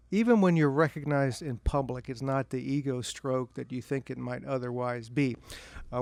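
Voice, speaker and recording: A middle-aged man, an author, telling self-deprecating anecdotes to an audience at a bookstore event in a relaxed, humorous way. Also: mid-range voice, dry recording. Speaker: author speaking at a book event. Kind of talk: humorous storytelling talk to an audience.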